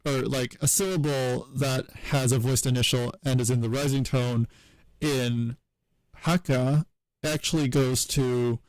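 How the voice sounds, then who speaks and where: A man at a middle pitch talks slowly through a technical explanation on a live stream. He hesitates and restarts often while he works his ideas out aloud. The sound is close and dry, with no room around it. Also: steady tone, darkish tone, no echo, rough recording. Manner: halting and hesitant, many fillers and self-corrections. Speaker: streamer explaining historical linguistics.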